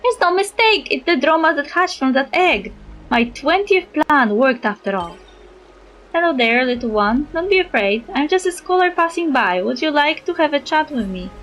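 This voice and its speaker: A woman voicing a calm, formal and kindly middle-aged male scholar in a game. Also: sits high, normal speed, rough recording. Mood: eager.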